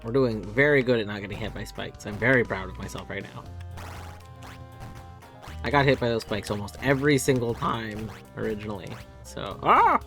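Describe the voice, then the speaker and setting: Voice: medium pitch, a little fast, a bit bright, faint music behind. A streamer chatting through a live game session, narrating every move and letting out sudden yelps when things go wrong. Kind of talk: live gameplay commentary.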